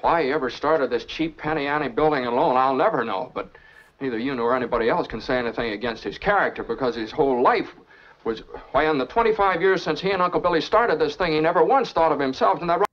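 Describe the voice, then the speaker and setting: A man's voice: on the high side, close to an everyday voice. An actor playing an impassioned young man, old film. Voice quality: transatlantic accent. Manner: quick, impassioned pleading. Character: earnest young man defending his late father. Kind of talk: 1940s film acting. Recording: dull old film soundtrack.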